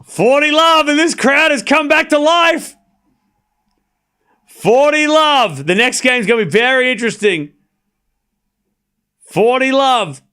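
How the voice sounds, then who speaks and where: Excitable high-voiced man calling tennis live. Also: moderate pace, few pauses, clean tone. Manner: excitable, calls the score, chats with viewers, shouts at big points. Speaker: streamer doing live tennis watchalong commentary. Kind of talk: casual live-stream match commentary.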